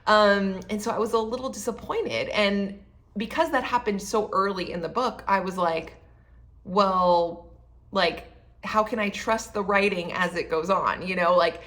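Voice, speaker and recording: A woman's voice: mid-range voice, a bit bright. A woman, casually reviewing a novel, full of fillers and quoted asides. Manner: chatty, many fillers like um and you know; acts out her own past thoughts in quoted asides. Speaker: book vlogger.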